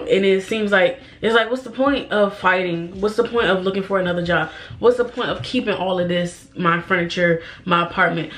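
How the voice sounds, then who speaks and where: Tearful young woman talking haltingly. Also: lowish voice, a bit bright. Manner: halting, emotional, repeats herself, sighs. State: holding back tears. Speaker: beauty vlogger. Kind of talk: get-ready-with-me chat.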